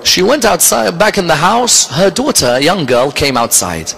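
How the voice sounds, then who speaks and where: A man giving a Muharram majlis sermon, telling the story step by step and building to an impassioned, near-shouting recital. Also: high-pitched, big pitch swings, normal speed, creaky, a little hiss or hum, rough recording. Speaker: Islamic lecturer.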